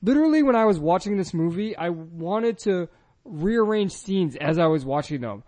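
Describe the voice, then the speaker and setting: Snarky guy podcasting, kinda high voice, dry close sound. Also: expressive, moderate pace, a little mellow, no room sound. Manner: sarcastic, laughs often. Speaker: podcast co-host. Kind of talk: casual comedic chat.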